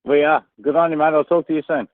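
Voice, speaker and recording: A man's voice: on the high side, fairly even intonation, fast talker, no echo. A man, a guest calling into a show, friendly and joking. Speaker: guest on call. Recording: phone-line guest audio.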